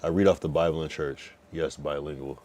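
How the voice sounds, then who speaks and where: Low-voiced young man bantering on stream. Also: fairly even intonation, darkish tone, a little hiss or hum. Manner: teasing, trash-talking banter with swearing and slang; loose, rambling delivery with restarts and drawn-out counting. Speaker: livestreamer. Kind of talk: casual livestream chat, reading and answering chat.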